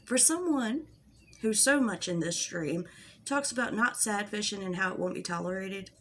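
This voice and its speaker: A woman's voice: medium pitch, expressive, moderate pace, fairly bright tone. A woman talking straight to camera in a casual commentary vlog, frustrated and blunt, swearing heavily as she vents. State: angry. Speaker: drama commentary YouTuber.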